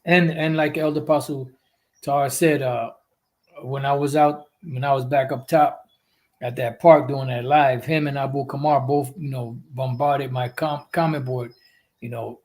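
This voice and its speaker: A man's voice: mid-range voice, a little mellow. A man preaching and teaching scripture in a rambling, repetitive way, with profane asides and many "you know" fillers. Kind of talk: livestream religious teaching.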